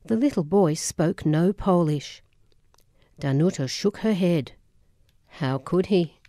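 A woman narrating a memoir audiobook in a measured, solemn way. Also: fairly low pitch, warm tone, no echo, clean studio sound.

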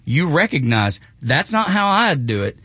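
A man's voice: a little high, very animated, moderate pace, bright, forceful tone, husky, dry recording, lo-fi sound. A man with a Southern US accent, a country radio host chatting casually, laid-back and drawling, often laughing.

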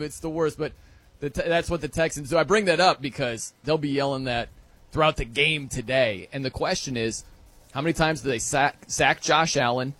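A man hosting a sports talk radio show, excitable and quick to mimic stadium chants. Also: a little high, dry recording.

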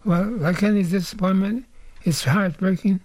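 An older man answering interview questions in a slow, hesitant way, with few words. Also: high-pitched, a little mellow, no echo. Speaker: musician interviewee.

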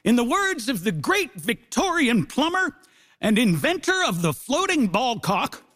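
A man's voice: extremely high pitch, sing-song, unhurried, fairly bright tone. A man giving a comedic debate speech on a theatre stage, with a mock-grand delivery that builds to punchlines. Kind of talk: stand-up style debate speech. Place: theatre stage before a live audience.

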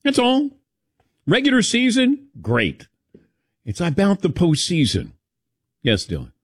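A man hosting a sports talk show, animated and teasing as he calls on his crew by name. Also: high voice, unhurried, slightly rough, no room sound, clean studio sound. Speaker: sports radio host.

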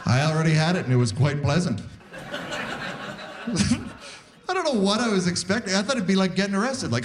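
Man in his forties doing lively stand-up. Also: high voice, a little fast, long pauses. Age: 40s. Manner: self-deprecating, acts out voices of wife and doctors. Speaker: stand-up comedian. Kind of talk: stand-up comedy set. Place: live theatre stage with audience. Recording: live stage recording with crowd noise. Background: audience laughter.

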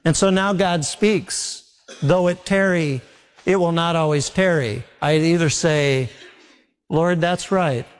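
A man preaching a sermon as pastor, telling homely stories and slowing down to stress key lines. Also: on the high side, in a large hall. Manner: folksy storytelling preacher, slows for emphasis.

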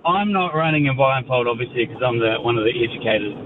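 A man's voice: mid-range voice, quick pace. Storytelling male caller on a noisy phone line. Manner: animated storyteller, acts out quotes. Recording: dull phone line with noise.

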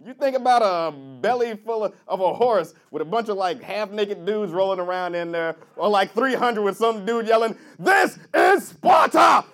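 A man's voice: high-pitched, normal speed, hardly any pauses, a faint crowd. A male stand-up comedian from Chicago, wry and playful, laughing at his own jokes.

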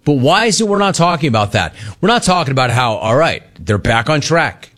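A man's voice: mid-range voice, very animated, fairly quick, a bit bright. A middle-aged man hosting a sports talk radio show, riffing sarcastically on callers and the news.

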